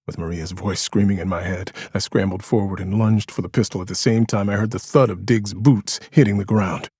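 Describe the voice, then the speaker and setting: A man's voice: lowish voice, fairly even intonation, fairly quick, a little mellow, breathy edge, no room sound, clean studio sound. A man narrating a first-person thriller audiobook in a tense, dramatic manner.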